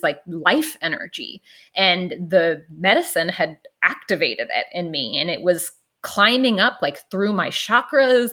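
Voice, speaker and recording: A woman's voice: on the low side, a bit bright. A woman telling a personal story in a casual, reflective way, with many filler "like"s.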